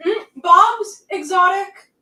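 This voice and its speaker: A woman's voice: very high-pitched, slow pace, bright, forceful tone, distant mic. A bubbly, talkative woman from Canada co-hosting a casual livestream. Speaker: livestream co-host. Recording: roomy sound from off the mic.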